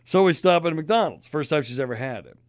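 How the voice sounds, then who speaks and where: A man co-hosting a podcast, telling stories in a casual, profane, animated way. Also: a little high, quick pace, no echo, studio quality. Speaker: podcast co-host. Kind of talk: casual chat, storytelling.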